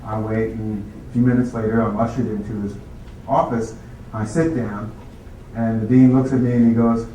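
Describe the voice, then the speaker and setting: Man, storyteller, animated, acts out other people's voices, recorded from far off in a big echoing hall with faint room noise. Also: fairly low pitch, normal speed. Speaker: speaker telling his life story. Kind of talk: storytelling talk.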